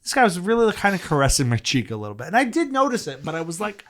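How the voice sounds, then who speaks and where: A man's voice: on the high side, wildly swooping pitch, rapid-fire. A man, a comedian guest, telling a rambling, profane story in casual podcast chat. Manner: profane, rambling anecdote with frequent laughs and restarts.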